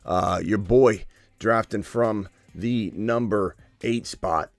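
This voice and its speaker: A man hosting a live stream, joking and excitable as he talks through his picks, sometimes dropping to a hushed whisper. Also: lowish voice, normal speed, dry recording. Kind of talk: casual live-stream commentary.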